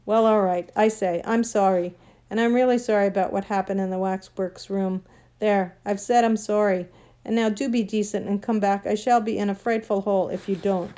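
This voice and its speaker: A woman voicing an earnest, anxious young boy who pleads excitably in a storybook reading. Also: medium pitch, moderate pace, lightly acted. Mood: apologetic.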